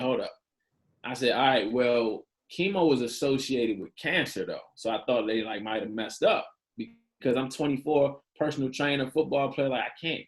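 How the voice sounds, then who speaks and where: Man telling his story, casual slang. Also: mid-range voice. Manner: animated, acts out quoted dialogue, casual slang. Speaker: podcast guest. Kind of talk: candid storytelling in an interview.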